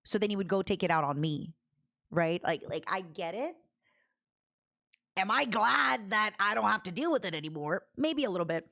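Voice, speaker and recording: A woman streamer chatting casually, telling a personal story in a rambling, animated way with many restarts and asides. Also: medium pitch, normal speed, gravelly. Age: adult.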